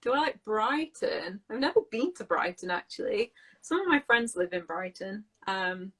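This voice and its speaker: A woman's voice: fairly high pitch, sing-song, moderate pace, vocal fry, a bit bright, breathy edge, rough recording. A woman in casual chat about accents, talking in a chatty way with many fillers and often laughing. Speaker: co-host, English teacher.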